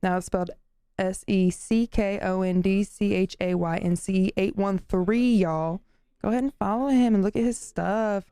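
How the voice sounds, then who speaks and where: A woman's voice: mid-range voice, moderate pace, mellow, clean tone, no echo, clean studio sound. A woman co-hosting a podcast in casual chat, bubbly and gushing, laughing often. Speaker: podcast co-host.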